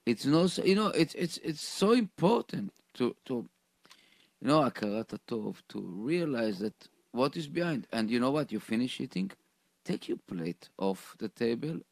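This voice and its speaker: Gravelly man making an insistent point. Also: medium pitch, big pitch swings, dry recording. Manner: halting, repeats words, then presses his point. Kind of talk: casual chat.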